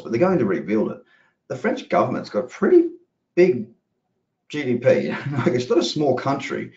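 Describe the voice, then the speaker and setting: A man's voice: fairly low pitch, darkish tone. A man giving casual, rambling live market commentary as a trading educator, chatty and casually profane. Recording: roomy, dull lo-fi audio.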